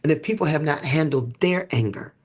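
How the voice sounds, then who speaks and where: A man's voice: fairly high pitch, a little fast, breathy edge. A man hosting a livestream teaching talk, with a preacher-like cadence, drawing out key words and checking in with listeners. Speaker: host.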